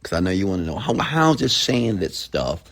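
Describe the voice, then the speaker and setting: A middle-aged man giving a motivational monologue, emphatic and swinging from hushed near-whispers to shouts. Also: sits low, very animated, moderate pace. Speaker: motivational speaker.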